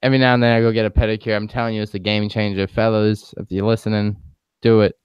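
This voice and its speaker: A man's voice: fairly low pitch, level tone, fast talker, clear, resonant tone, dry recording, lo-fi sound. Laid-back young man telling stories. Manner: laid-back storytelling, joking, swears casually. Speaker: podcast co-host. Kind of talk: casual podcast banter.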